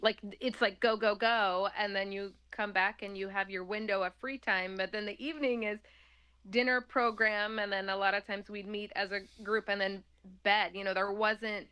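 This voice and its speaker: Chatty laughing woman, bright voice. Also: mid-range voice, fairly even intonation, normal speed, clean tone. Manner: chatty, laughs often, many fillers. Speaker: interview guest. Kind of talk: casual conversational interview.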